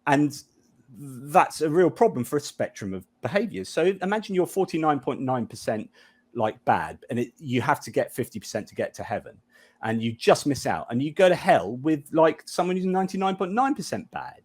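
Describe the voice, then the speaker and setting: A man's voice: fairly high pitch, moderate pace. A man, a guest in a casual podcast talk, arguing his points with energy and often searching for words. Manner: lively, argumentative, searching for words. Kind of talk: casual discussion.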